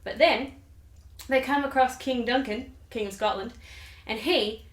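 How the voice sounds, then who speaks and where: A woman's voice: a little high, measured pace, reverberant. A woman hosting her own channel, giving a chatty, irreverent, slangy summary of a play. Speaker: channel host. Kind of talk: casual comic literature summary.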